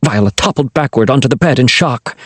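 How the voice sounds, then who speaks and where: A man's voice: mid-range voice, a little fast, breathy edge, no room sound. A man narrating a children's fantasy novel as an audiobook, telling it expressively. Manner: expressive storytelling.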